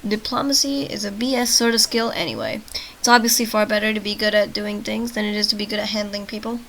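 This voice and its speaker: A woman's voice: medium pitch, fast, fairly bright tone, poor audio. A woman hosting a gaming channel reads a text adventure game aloud. She trips over words and breaks off into joking side comments, and she says she is short on sleep. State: tired from little sleep.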